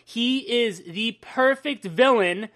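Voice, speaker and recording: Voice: mid-range voice, slow pace. Rambling, profane podcast host. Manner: rambling, profane, animated retelling. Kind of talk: casual chat.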